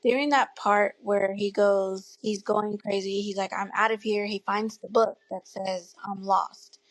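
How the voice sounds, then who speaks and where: A woman in her thirties telling her story as an interview guest, earnest and tearful at times, with soft laughs. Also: mid-range voice, steady tone, a little slow, dry recording, poor audio. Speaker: guest parent advocate. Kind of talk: emotional personal storytelling.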